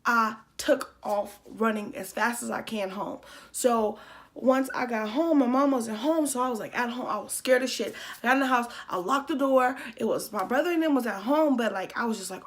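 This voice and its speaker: Young woman vlogger telling a story, kinda high voice, swears a lot, lots of um and like. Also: normal speed. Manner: chatty, profane, with many fillers. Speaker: YouTuber. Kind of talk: casual story time.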